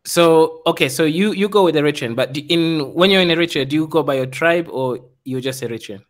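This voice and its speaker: A man's voice: on the high side, a little fast. Wry man quizzing guests. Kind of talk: casual discussion.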